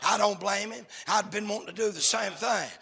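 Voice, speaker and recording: A middle-aged man preaching a fervent sermon. He shouts with a sing-song cadence. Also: high-pitched, moderate pace, gravelly, husky.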